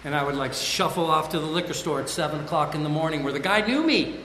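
A man's voice: fairly high pitch, lively intonation, fast talker, sharp tone, slight background noise. A man sharing his own recovery story in a candid, raw, self-deprecating way, speaking to a group at a meeting. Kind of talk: candid personal testimony. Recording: echoey hall with long reverb, faint ambience.

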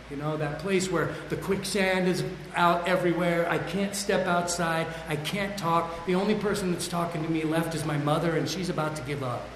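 A man with a slightly higher-than-average voice tells his recovery story with raw, self-deprecating candor. His words ring out through a large hall with long, echoing reverb, and a faint room ambience sits underneath. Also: slight background noise. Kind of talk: candid personal testimony.

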